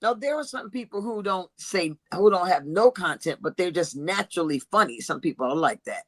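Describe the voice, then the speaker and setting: A woman hosting a casual chat show, blunt and animated, who calls herself an old-school lady and talks. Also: fairly low pitch, fairly quick, dry recording. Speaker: host.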